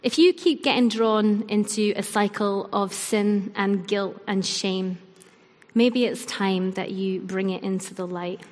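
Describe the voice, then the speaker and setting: A woman preaching a sermon in an earnest, measured way, with her line ends trailing off softly. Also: mid-range voice. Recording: long hall reverb.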